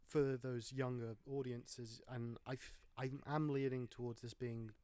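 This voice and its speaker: A man's voice: mid-range voice, level tone, a little slow, warm tone, clear, resonant tone, no echo. A man hosting a casual film podcast, talking in a chatty, rambling way with wry jokes. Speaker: podcast host.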